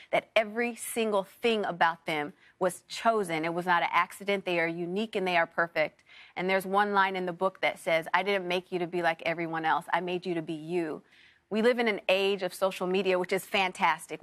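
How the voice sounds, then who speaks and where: A woman in her thirties, an actor and author, telling heartfelt stories as a guest on a morning TV show in a studio. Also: on the low side. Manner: warm storytelling, heartfelt.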